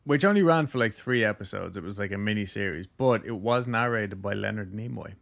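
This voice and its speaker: A man's voice: on the low side, brisk, creaky, a bit bright. A man hosting a podcast, casually telling a ghost story with lots of jokes and filler words. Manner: loose, jokey, heavy use of "like".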